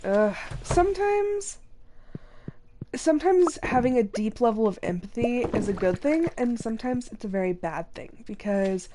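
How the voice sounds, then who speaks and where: A woman's voice: a little high, lively intonation, normal speed, noisy background. A young woman streaming a farming game, chatting casually and rambling through a story with many fillers and restarts, emotionally drained. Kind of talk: casual live-stream chat while playing. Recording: game music behind voice.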